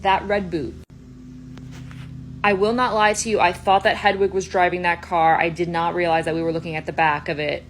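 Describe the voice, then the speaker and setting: A woman's voice: lowish voice, flat delivery, slight background noise. Chatty, playful young woman. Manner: chatty and playful, quick asides. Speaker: video creator. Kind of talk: casual reaction commentary.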